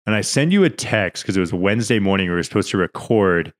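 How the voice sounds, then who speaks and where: Speaking fast and animated in a low voice, a young man co-hosting a podcast recounts a story. He's earnest and emotional, near tears, rambling and restarting again and again in this casual conversation.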